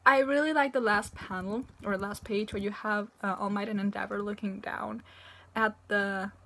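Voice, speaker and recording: A woman's voice: medium pitch, fairly even intonation, moderate pace, fairly bright tone. A woman reviewing a manga chapter in a casual, rambling way, tearful and choked up as she gushes about it. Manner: rambling and gushing, full of fillers and swearing.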